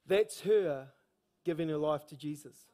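Kiwi guy preaching in church, pretty high voice, lively and slangy, big on stories. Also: unhurried. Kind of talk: sermon storytelling. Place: church service.

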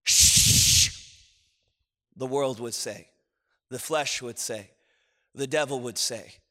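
A man preaching a sermon as pastor, swinging from low murmurs to loud impassioned shouts. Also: a little slow, long reverb tail.

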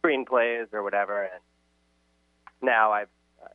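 A man calling in to a radio show, speaking hesitantly and softly about his plans. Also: lowish voice, steady tone, measured pace, dry recording. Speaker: caller. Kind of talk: phone-in conversation. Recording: tinny phone line.

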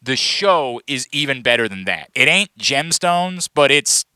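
A man co-hosting a casual chat and telling stories with animated, emphatic delivery. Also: medium pitch, a little slow, smooth, no echo.

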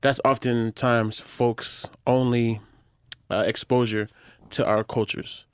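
A man's voice: mid-range voice, little pitch movement, slow pace, smooth, dry recording, studio quality. Easygoing man hosting a podcast. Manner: easygoing, slangy, thoughtful questions. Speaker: podcast co-host. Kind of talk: casual podcast chat.

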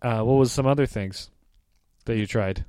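A man's voice: medium pitch, normal speed, warm tone, smooth, no room sound. Wisecracking man in casual chat. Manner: dry joking, wisecracking.

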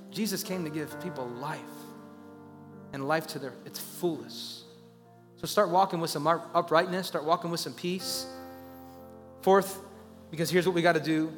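A man preaching a sermon as a pastor, talking conversationally and rising into loud, urgent pleas. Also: high voice, fairly quick, in a large hall, faint music behind.

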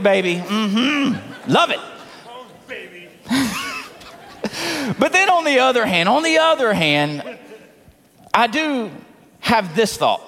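A middle-aged man preaches with a high, lively voice, joking and calling out to his listeners. He sounds animated and playful. The sound rings with the long reverb of a large hall. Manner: humorous, animated preaching with laughs and call-and-response. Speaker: pastor. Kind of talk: sermon.

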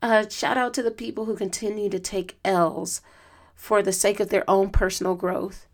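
A woman's voice: mid-range voice, fairly even intonation, normal speed. A woman hosts her own podcast, talking to listeners in a loose, heartfelt way. Her voice sounds strained and tired from lost sleep. She wanders through thoughts with frequent fillers and restarts. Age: adult student. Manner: earnest, reflective, emotional, with many fillers. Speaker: podcast host. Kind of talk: casual solo podcast talk.

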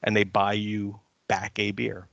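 Animated, swearing older man with a bright voice. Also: fairly low pitch, a little slow, gravelly, no echo, lo-fi sound. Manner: animated storyteller, swears freely. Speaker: podcast co-host. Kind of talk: casual chat.

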